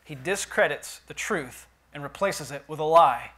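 A pastor delivers his sermon in a church, his voice sitting a little high for a man. He drops low for quiet asides, then swells loud on the lines he stresses. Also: animated, normal speed. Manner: preaching with big swings from quiet to loud emphasis.

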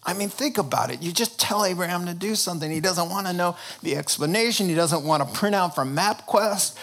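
A man preaching a sermon with a fairly high voice. He tells his points as lively, humorous stories and often restarts his phrases as he goes. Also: brisk. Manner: animated, humorous storytelling with frequent restarts. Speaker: pastor.

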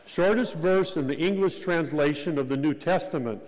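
A man preaching a sermon as pastor, measured and deliberate, repeating key phrases for emphasis. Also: a little high, darkish tone. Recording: long hall reverb.

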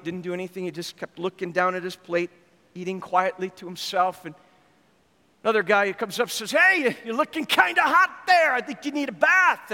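A man preaching a sermon, telling an animated story and voicing its characters. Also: high voice, long reverb tail. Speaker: pastor.

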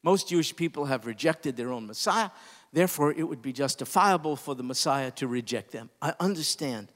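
A man preaching a sermon, impassioned, climbing to emphatic peaks and then dropping low and quiet. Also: expressive, brisk, in a large hall. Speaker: pastor.

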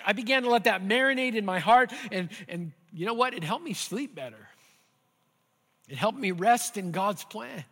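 High, bright-voiced preacher man. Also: moderate pace. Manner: earnest, builds to animated intensity. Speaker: pastor. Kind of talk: sermon. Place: church sanctuary. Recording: hall reverb.

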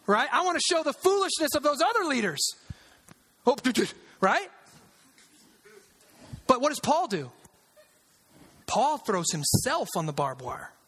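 A man's voice: extremely high pitch, big pitch swings, a little slow, pauses often, fairly bright tone. A man preaching a sermon as pastor, conversational and emphatic, repeating lines for weight. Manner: conversational, emphatic, uses sarcasm and repetition. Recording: long hall reverb.

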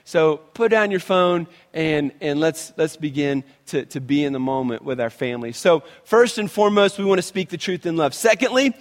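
Male pastor, animated conversational sermon, higher voice, reverberant hall. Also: normal speed, few pauses. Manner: animated, conversational preaching with many restarts.

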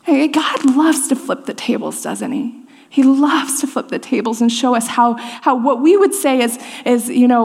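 Woman in her 30s preaching, chatty storytelling, kinda high voice, big reverby hall. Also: lively intonation, normal speed, creaky, darkish tone, breathy edge. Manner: conversational storytelling, many filler "like"s and restarts. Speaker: speaker giving a sermon. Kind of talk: sermon with personal story.

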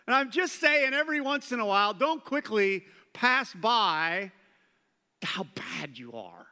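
Animated pastor with bright voice. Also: male voice, high voice, a little slow, smooth. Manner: animated, acts out quoted voices. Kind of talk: sermon. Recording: long hall reverb.

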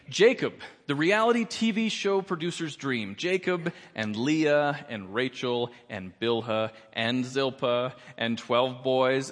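A man's voice: medium pitch, a bit bright, in a large hall. Man doing wry stand-up in a church. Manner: wry, playful delivery with comic voices. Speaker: church comedian. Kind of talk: stand-up comedy set. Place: church auditorium.

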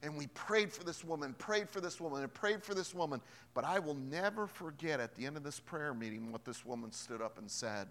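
Male pastor, slightly high bright voice, emphatic sermon delivery, long reverb of a big hall. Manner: emphatic, shifts from hushed storytelling to loud preaching.

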